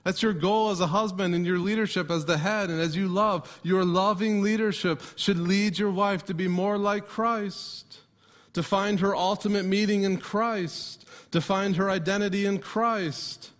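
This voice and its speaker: A man with a somewhat high-pitched voice preaches a sermon from the pulpit. He speaks as a pastor and keeps drawing the congregation in with rhetorical questions. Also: fairly even intonation, a little slow.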